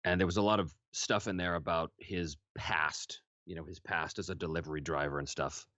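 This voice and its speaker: A man's voice: low-pitched, fairly even intonation, fairly quick, bright, forceful tone, dry recording, muffled recording. A man, a voice actor, chatting in an interview and laughing between his anecdotes. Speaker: voice actor guest. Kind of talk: casual interview storytelling.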